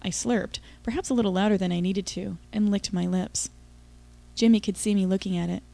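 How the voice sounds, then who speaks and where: Mellow-voiced woman narrating an audiobook. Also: mid-range voice, fairly even intonation, a little fast, creaky. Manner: intimate, confiding first-person storytelling. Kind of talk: first-person audiobook narration.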